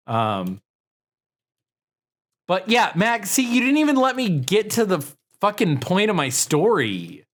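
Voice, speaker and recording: A man's voice: sits high, wildly swooping pitch, unhurried, a bit bright. A man co-hosting a comedy podcast, bantering casually, joking and swearing, often trailing off with fillers. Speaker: podcast co-host.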